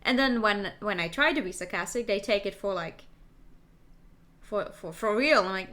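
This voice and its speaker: A young woman streaming a game, chatting in an animated, joking way with quick asides. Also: medium pitch. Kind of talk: casual game stream chat.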